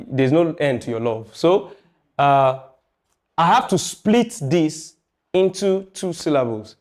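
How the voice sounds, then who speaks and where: Male music teacher, fairly high voice, chatty classroom lecture with jokes and questions to students.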